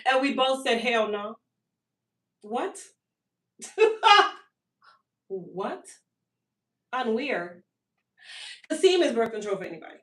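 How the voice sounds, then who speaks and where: Woman chatting on a live stream, kinda high voice, lots of animated long-winded storytelling, echoey room and she's a bit off the mic. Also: slow pace, pauses often, far from the mic. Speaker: hair care business owner and host. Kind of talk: casual live-stream sales chat.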